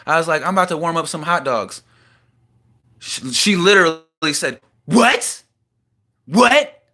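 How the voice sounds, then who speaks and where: A man's voice: on the high side, moderate pace, pushed and bright. Agitated young man venting raw feelings. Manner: raw, agitated, swings from heated to subdued. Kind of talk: emotional personal rant to camera. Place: small house, indoors.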